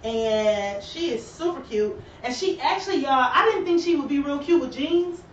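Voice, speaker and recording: Chatty high-voiced woman hosting a live shoe show. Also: moderate pace, distant mic, slight background noise. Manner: chatty, animated, talks to viewers. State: out of breath. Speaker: shoe store host. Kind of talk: casual live-stream sales chat. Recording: roomy and lo-fi, voice from off-mic.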